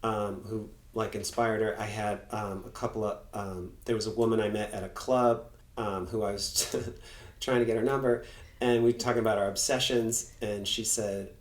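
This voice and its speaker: A middle-aged man from Massachusetts with a faint local accent, a comedian guest telling stories in a lively way and acting out what people said. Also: lowish voice, moderate pace. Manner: animated storyteller, acts out quotes. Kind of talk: casual chat. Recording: roomy echo.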